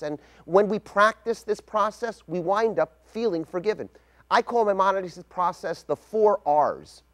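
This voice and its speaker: Speaking in a voice that sits high, a middle-aged man reads a scripted essay as a rabbi, sharing a personal story with measured reflection.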